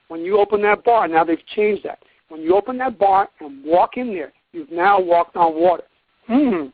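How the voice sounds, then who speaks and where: A man's voice: sits high, animated, normal speed, dry recording. A man lecturing emphatically on a call-in program, acting out courtroom exchanges as he goes. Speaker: guest teacher on a call-in program. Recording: tinny dry phone line.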